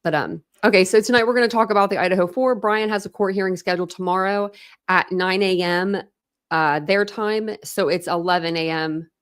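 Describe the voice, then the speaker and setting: A woman's voice: medium pitch, brisk, smooth, dry recording, studio quality. A woman hosting a true crime livestream, chatting casually with viewers and thanking them by name, with frequent ums, laughs and stretches of reading aloud.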